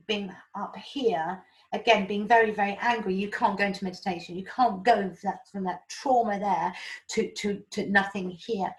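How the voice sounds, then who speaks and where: A woman giving animated, chatty spiritual guidance and explaining with homely analogies. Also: mid-range voice, rough recording. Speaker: spiritual guide. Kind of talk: casual spiritual talk.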